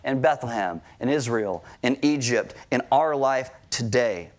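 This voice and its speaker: A man's voice: mid-range voice, lively intonation, unhurried. A married man preaching a sermon to a church congregation, talking casually, asking the crowd questions and joking lightly. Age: adult, married. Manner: conversational, asks the crowd questions and jokes lightly. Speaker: pastor. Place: church service before a congregation.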